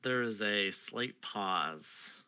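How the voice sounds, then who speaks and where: Low bright-voiced guy running a tabletop game, loose and chatty. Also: expressive, drawn-out words, clean tone. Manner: casual, hedging with "like". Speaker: game master.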